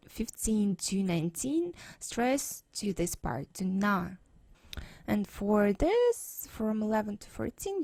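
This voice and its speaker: Slow patient woman with a Russian accent. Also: medium pitch, vocal fry, darkish tone, dry recording. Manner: patient, repeats words slowly for drill. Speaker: language teacher. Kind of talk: slow explanatory lesson over slides.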